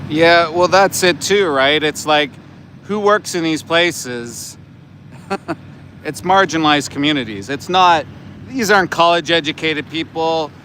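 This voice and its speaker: A man's voice: fairly high pitch, unhurried, pushed and bright, a little hiss or hum. A middle-aged man doing livestream commentary outdoors, blunt, profane and indignant. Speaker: animal rights activist, livestreamer. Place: outdoors by a roadside.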